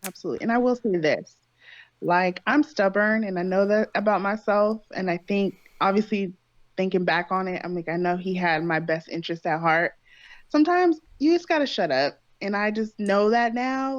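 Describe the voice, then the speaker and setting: A woman's voice: medium pitch, dry recording, lo-fi sound. A woman talking as a guest on a podcast, earnest and reflective, stressing her points. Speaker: podcast guest, host's partner. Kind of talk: casual chat.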